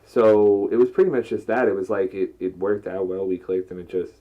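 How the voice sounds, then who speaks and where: Casual podcast co-host, a man, lowish voice, rambling and easygoing, muffled mic. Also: brisk. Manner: laid-back, rambling, swears casually. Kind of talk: casual chat.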